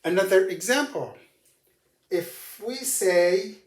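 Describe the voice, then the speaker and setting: A man teaching Arabic letters and vowel marks, speaking slowly and patiently and repeating each word for the learner. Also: high-pitched, animated, reverberant. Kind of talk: language lesson.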